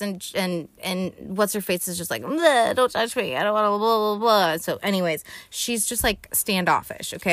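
A young woman hosts a podcast and recaps a movie in loose, rambling chat, swearing freely and leaning heavily on "like" and "um." Her voice sits mid-range with a fairly bright tone, and the recording is dry.

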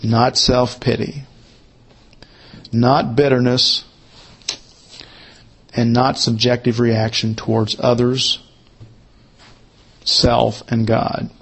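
A man teaching a Bible study lesson, who repeats his key points slowly, as if for note-taking. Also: mid-range voice, level tone, gravelly, breathy edge.

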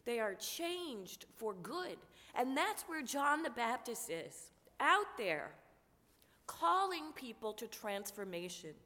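A woman pastor preaching a sermon while fighting a cold, in a slow, measured, prayerful way. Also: a little high, big pitch swings, sharp tone. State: has a cold, coughing. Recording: long church reverb.

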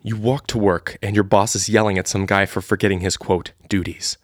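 Low-voiced man reading a story live. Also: little pitch movement, brisk, no echo. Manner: casual and laughing, with restarts. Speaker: storyteller and host. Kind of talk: live unrehearsed reading of an AI text adventure.

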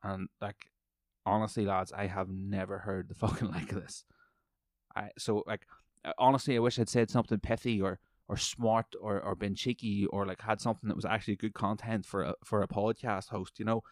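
A man's voice: fairly low pitch, flat delivery, fairly quick, no room sound, studio quality. A man, hosting a podcast and telling a heated, profanity-heavy story. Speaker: podcast host. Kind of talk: profane ranting monologue.

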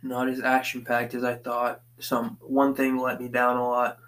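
A man's voice: medium pitch, completely flat delivery, moderate pace, fairly bright tone, low-quality recording. A man from the Boston area hosting a casual solo podcast from his basement, rambling from thought to thought and swearing constantly as he paces back and forth. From Boston area, USA. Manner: profane, meandering, swears constantly. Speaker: podcast host.

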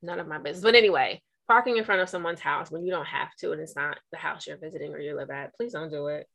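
A woman's voice: deep voice, quick pace, vocal fry, a bit bright. A woman telling a story in casual chat, chatty with dramatic retelling.

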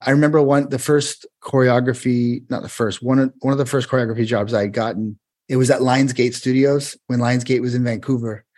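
Man, husky, casual storyteller, rambling, choreographer guest. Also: medium pitch, fairly quick. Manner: rambling, animated anecdote with restarts.

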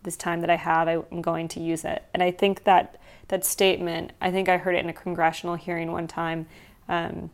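A woman hosts her own show alone, her voice sitting a little low and full of vocal fry. She talks casually with a sardonic, animated edge and slows into softer reflection at times. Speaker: podcast host. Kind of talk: casual solo commentary.

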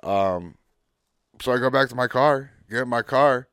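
A man's voice: mid-range voice, a little slow, a bit bright, clear, resonant tone, no echo, clean studio sound. A man co-hosting a podcast, telling a story in a laid-back, swear-filled way and acting out what people said. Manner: laid-back, swears a lot, acts out quotes. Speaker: podcast co-host. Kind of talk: casual storytelling.

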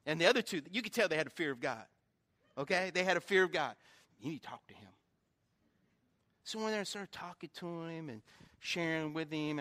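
Male pastor with a high, bright voice, delivering a sermon through casual stories and wry jokes at his own expense. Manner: conversational storytelling with self-deprecating humor.

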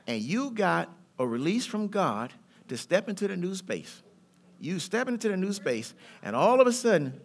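A man's voice: sits high, very animated, moderate pace, creaky. A middle-aged male pastor, preaching a sermon with rising fervor and a loose, rhythmic, colloquial delivery. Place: church sanctuary.

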